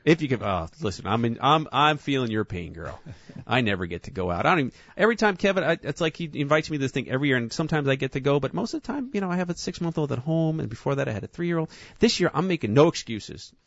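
A man's voice: medium pitch, very animated, fast talker, creaky, no room sound. A man with a New York accent hosting a radio show, chatting casually and teasing his guests and callers. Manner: joking, teasing. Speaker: radio host. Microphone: studio microphone. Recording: slightly muffled dry studio sound.

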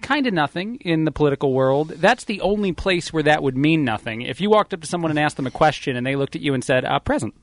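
Quick wry man, dry studio sound. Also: on the high side, expressive, no room sound. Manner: wry, joking asides. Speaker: radio talk show co-host. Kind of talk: casual studio chat.

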